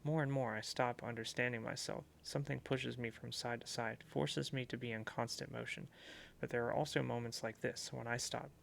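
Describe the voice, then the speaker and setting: A worn-out young man stuck in a pit, bitter and hopeless, as a man reads him aloud. His voice is gravelly and pitched in the middle, and he speaks with a bleak, heavy weariness. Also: fairly even intonation, moderate pace, fairly bright tone, a little hiss or hum. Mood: brooding. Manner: despairing, then pleading. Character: despairing young man trapped in a hole. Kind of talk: reading game dialogue aloud.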